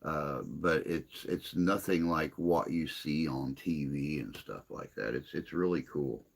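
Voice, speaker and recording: A man hosting a casual livestream chat, answering viewer comments in a rambling, hesitant way with long pauses. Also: very deep voice, creaky. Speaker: livestream host.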